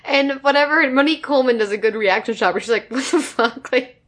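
A young woman co-hosts a loose podcast chat in a high, light voice. She laughs often and swears freely, talking candidly. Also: fast, a bit bright. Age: young adult. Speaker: podcast co-host. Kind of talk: casual recap chat.

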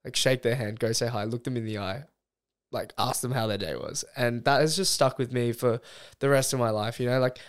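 A man's voice: mid-range voice, steady tone, fairly quick, clear, resonant tone. A man hosting a podcast, chatting casually and enthusiastically and swearing here and there. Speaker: podcast host.

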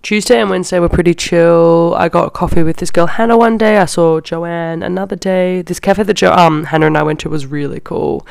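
A woman's voice: lowish voice, fairly quick, vocal fry, few pauses, darkish tone, smooth, no echo, clean studio sound. A young woman, hosting a podcast and telling a casual story in a chatty way, often saying "like". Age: young adult. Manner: chatty, heavy use of "like". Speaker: podcast host.

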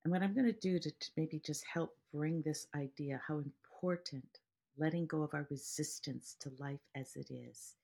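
A woman's voice: low voice, normal speed, vocal fry, dark tone, slightly rough. A woman meditation teacher speaking to podcast listeners in an earnest way, explaining ideas through everyday examples and stories.

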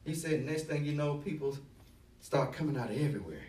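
A man preaching a sermon as pastor, telling a story and building to loud, emphatic delivery. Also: on the high side, brisk, echoey room, far from the mic, slight background noise.

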